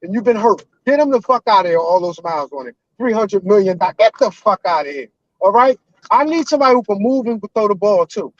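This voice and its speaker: A man in his forties calling in to a live show, ranting loudly and emotionally with heavy cursing. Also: high-pitched, lively intonation, brisk, no room sound, dull audio. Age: 40s. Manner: loud, emotional and profane. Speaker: caller. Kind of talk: heated fan rant on a live call-in show.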